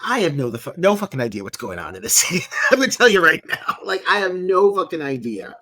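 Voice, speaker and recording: Male co-host, animated and forceful, quick wisecracks. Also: a little high. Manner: blunt, joking, swears, laughs often. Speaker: podcast co-host. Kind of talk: casual movie review chat.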